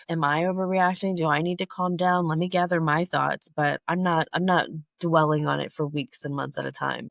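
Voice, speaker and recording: A woman's voice: gravelly, no echo, clean studio sound. A middle-aged woman hosting a personal growth podcast, talking candidly and bluntly in a casual way. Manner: candid, blunt and conversational, acting out quoted people in a higher voice. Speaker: podcast host. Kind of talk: solo personal growth talk.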